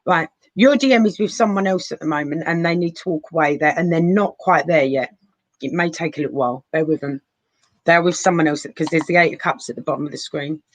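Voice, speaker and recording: A woman's voice: low voice, fairly quick, no echo, low-quality recording. Chatty lady on her sofa, live tarot reading, calls everyone darling, dry room. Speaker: tarot reader. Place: living room sofa at home.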